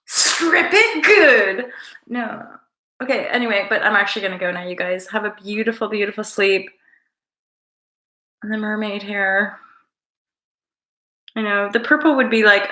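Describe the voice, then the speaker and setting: Bright, playful woman livestreaming. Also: mid-range voice, steady tone, moderate pace, long pauses, reverberant. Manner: rambling, playful, affectionate. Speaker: livestream host. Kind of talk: casual live-stream chat with viewers.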